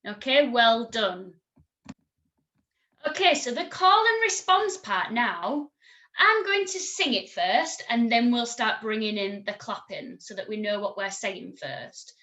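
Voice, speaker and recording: A woman teaching a recorded music lesson to children, encouraging and clear, singing and chanting examples. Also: a little high, big pitch swings, slow pace, bright, forceful tone.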